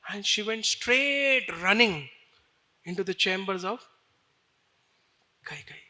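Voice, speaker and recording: Guy telling a scripture story, chatty, says you know a lot, high voice. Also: animated, slow pace, bright, forceful tone. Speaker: storyteller preacher. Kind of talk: devotional storytelling sermon.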